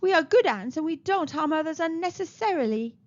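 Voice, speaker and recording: A woman's voice: very high-pitched, expressive, brisk, voice pushed up. A woman doing a kind ant queen. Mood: gentle. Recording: slightly dull lo-fi recording.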